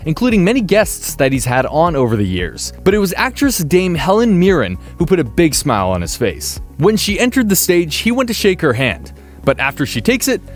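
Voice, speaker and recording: Lively man narrating a countdown. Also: high-pitched. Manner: lively, chatty, playfully emphatic. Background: faint background music.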